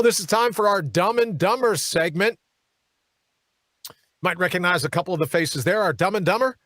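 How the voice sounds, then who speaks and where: Male talk host, high-pitched and lively, pounding rhetorical questions, dry studio sound. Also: no room sound. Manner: emphatic, hammering rhetorical questions, mocking asides. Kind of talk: political commentary monologue.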